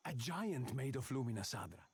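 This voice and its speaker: A man's voice: mid-range voice, sing-song, moderate pace, husky. An actor playing an eager male townsperson sharing rumors in video game dialogue.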